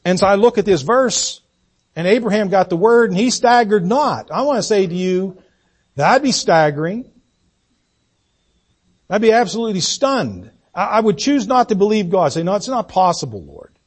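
A man in his sixties, a pastor preaching a folksy, self-deprecating sermon with halting restarts. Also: high-pitched, expressive, husky. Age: 60s.

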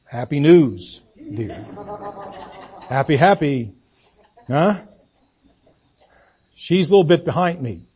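A man in his sixties, a pastor preaching a folksy, self-deprecating sermon with halting restarts. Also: a little high, expressive, darkish tone. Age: 60s.

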